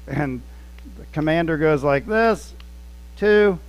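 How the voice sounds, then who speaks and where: A male pastor with a fairly high-pitched voice delivers a sermon as relaxed, conversational storytelling. He acts out the scenes he describes as he talks. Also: takes it slowly, clean tone, low-quality recording. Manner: conversational, anecdotal, acting out scenes.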